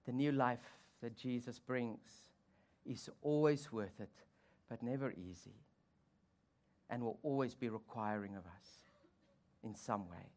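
A pastor preaches a sermon at a measured pace with frequent pauses, adding playful asides and wry humor. His delivery swings between loud, high emphasis and low, quiet reflection.

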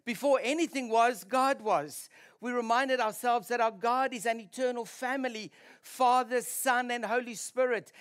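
A pastor preaching a sermon in church, restarting sentences now and then and sounding tired after little sleep. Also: male voice, very high-pitched. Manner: warm-up chat before preaching, restarts mid-sentence. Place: church hall.

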